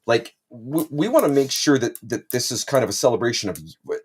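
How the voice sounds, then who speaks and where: Husky, animated podcast co-host man. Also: mid-range voice, a little fast. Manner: animated, repeats "do you know what I mean". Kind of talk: casual chat.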